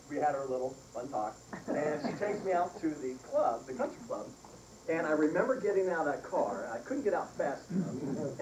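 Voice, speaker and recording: Animated man telling a story, echoey and distant. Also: on the high side. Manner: animated storytelling with frequent laughs. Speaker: son giving a eulogy. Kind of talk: humorous storytelling at a funeral. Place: funeral service hall. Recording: echoey room from far off, noisy.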